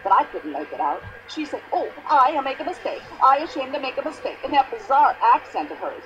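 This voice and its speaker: An actress playing a pushy, indignant older American widow in a mystery video game, complaining at length in a shrill voice. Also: female voice, sing-song, a little fast, fairly bright tone, dull audio, slight background noise. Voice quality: shrill, complaining, long-winded.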